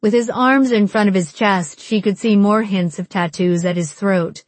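A woman reading an audiobook in a wry, measured narration style. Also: mid-range voice, fairly even intonation, dry recording.

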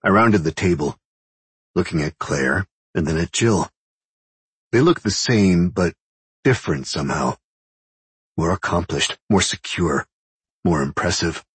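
Male audiobook narrator, deep husky voice, understated wry read, dry booth sound. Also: a little slow, long pauses, no echo. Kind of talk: first-person scripted narration.

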